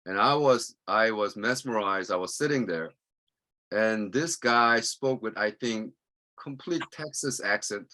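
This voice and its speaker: A man's voice: fairly low pitch, measured pace. A man in his sixties, originally from Korea, giving a humorous university lecture and chuckling often as he tells stories. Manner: animated, chuckles often while telling stories. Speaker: guest lecturer.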